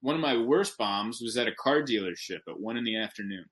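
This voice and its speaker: Bright-voiced man telling a comedy story. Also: medium pitch. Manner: animated, emphatic, with quick self-corrections. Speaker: stand-up comedian, podcast guest. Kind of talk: casual storytelling chat.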